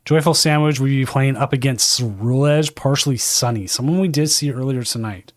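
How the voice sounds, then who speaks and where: A man's voice: mid-range voice, brisk, dry recording, clean studio sound. A man hosting and casting a live card game tournament from a home desk, chatting loosely and correcting himself as he goes. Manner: chatty and rambling, self-correcting. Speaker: tournament caster and stream host. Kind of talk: casual live game commentary.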